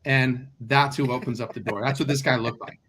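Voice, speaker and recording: A man, a guest real estate investor, telling a story in casual conversation and acting out the dialogue with lively delivery. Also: medium pitch, fairly quick.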